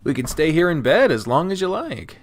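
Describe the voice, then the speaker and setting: Brisk and sing-song, a game streamer's higher-pitched voice carries a soft reading of visual novel narration. He keeps interrupting himself with loud, casual commentary that often turns to swearing.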